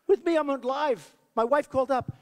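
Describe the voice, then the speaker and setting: Male candidate, boastful, repetitive rally patter, high and lively pitch, long hall reverb. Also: fairly quick. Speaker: political candidate. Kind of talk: off-the-cuff campaign rally speech. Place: large rally venue.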